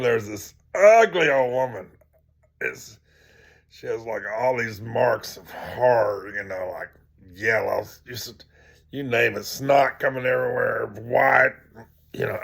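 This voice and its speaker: A man's voice: mid-range voice, takes it slowly, vocal fry, a bit bright. A man teaching by telling a story in a rambling way with many fillers, sometimes dropping to a near-whisper. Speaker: teacher of tantric practice.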